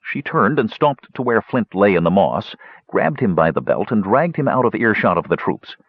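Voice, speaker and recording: A man narrating a fantasy audiobook in a steady, expressive way. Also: fairly low pitch, normal speed, breathy edge, dry recording. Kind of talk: scripted narration. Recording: dull lo-fi recording.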